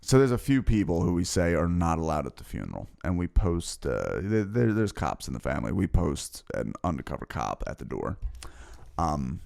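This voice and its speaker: A man, a comedian co-hosting a podcast, telling dark stories in casual, profane, deadpan chat. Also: deep voice, moderate pace, vocal fry.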